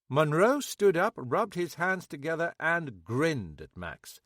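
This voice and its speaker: A man narrating an audiobook in a measured, expressive reading. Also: a little high, dry recording, studio quality. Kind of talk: scripted narration.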